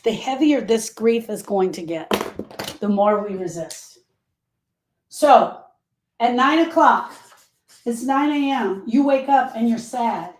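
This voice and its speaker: Speaking slowly with frequent pauses, a woman with a fairly high, expressive voice hosts a grief podcast. Her heartfelt, motivational talk unfolds as emphatic, conversational storytelling with phrases repeated for weight.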